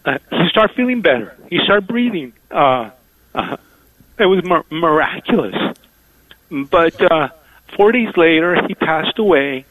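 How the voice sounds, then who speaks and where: A man calling in to a radio show, speaking haltingly with many fillers and pauses. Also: on the high side, animated, fairly bright tone, rough recording. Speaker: caller. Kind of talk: call-in radio chat.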